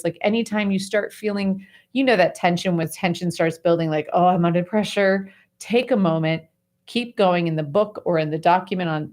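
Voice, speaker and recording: A woman hosting a radio talk show, coaching her guest in a lively, chatty way with lots of fillers. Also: on the low side. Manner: animated, chatty explaining with many fillers. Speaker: host and life coach.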